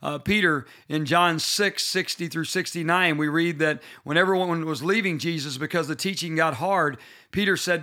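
A middle-aged pastor with a bright, forceful voice pitched a little high for a man. He teaches leaders from scripture in an earnest, personal way. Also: normal speed. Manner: earnest storytelling, personal and emphatic. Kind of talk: bible-based leadership teaching.

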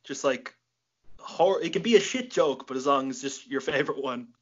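A man's voice: mid-range voice, expressive, normal speed. Young irish guy, podcast host, swears constantly, cracks himself up, muffled sound. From Ireland. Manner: swears freely, laughs at his own jokes. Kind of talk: casual late-night chat.

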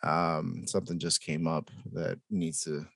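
A man's voice: extremely low pitch, little pitch movement, measured pace, vocal fry, a bit bright, no echo, voice pushed down, exaggerated voice. A man doing a flustered stammering dad. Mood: hurried. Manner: stammering, apologetic. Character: flustered kindly father, middle-aged man.

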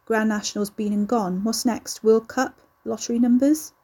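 Brief: a woman playing a surly, mocking young man in a storybook reading; husky, mellow tone. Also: on the high side, fairly even intonation, moderate pace. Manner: sneering, cursing.

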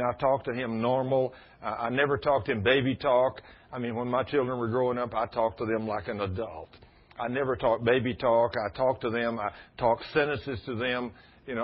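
Husky preacher, muffled recording. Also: male voice, medium pitch. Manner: folksy storytelling, rising to loud emphasis. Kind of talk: sermon. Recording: muffled lo-fi sound.

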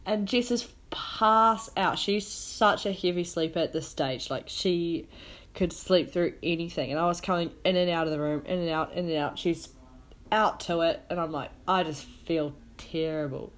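A woman's voice: lowish voice, normal speed. A young woman co-hosting a podcast, telling a travel story in casual chat, acting out her own lines with lots of "like". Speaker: podcast co-host.

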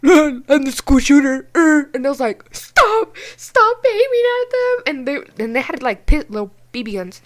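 A young woman from New Mexico co-hosting a podcast, telling a story in a casual, animated way with lots of swearing and filler words. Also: high voice, normal speed, hardly any pauses. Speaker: podcast co-host.

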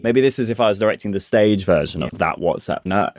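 Guest, man, lowish voice, playful and animated, dry close sound. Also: fast, no room sound. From Coventry, England. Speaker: playwright guest. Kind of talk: casual chat.

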